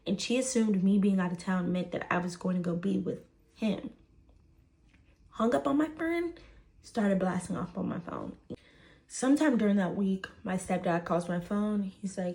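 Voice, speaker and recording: A woman's voice: medium pitch, normal speed, vocal fry, a little mellow. A woman, casually telling a personal story full of fillers and "right?". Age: 20s.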